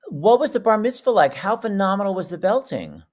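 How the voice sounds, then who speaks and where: A man hosting a casual live stream, joking and bantering excitedly with his guests. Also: high-pitched, fairly quick. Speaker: host. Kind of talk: casual livestream chat.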